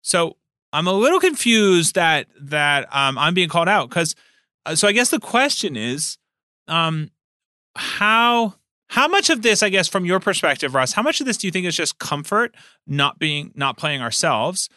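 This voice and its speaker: A man co-hosting a casual chat about running tabletop games, animated and laughing often. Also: high-pitched, normal speed, no echo, studio quality. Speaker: podcast co-host and game master.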